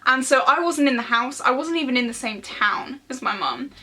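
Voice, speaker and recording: A bright, high-voiced young woman in her twenties sits indoors and tells a casual storytime to a camera. She is animated and laughs often, and she acts out the quoted dialogue in her story. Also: moderate pace. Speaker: vlogger. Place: indoor room, seated.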